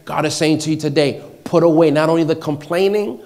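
Preaching with a voice on the high side, this man talks fairly quickly. His sermon leans on repeated short phrases, and it alternates between booming exhortation and quiet stretches that are nearly whispered.

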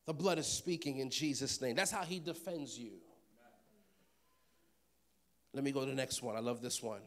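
A man's voice: mid-range voice, lively intonation, a little fast, hardly any pauses. A man preaching a sermon, joking with the congregation and repeating phrases for emphasis. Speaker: pastor.

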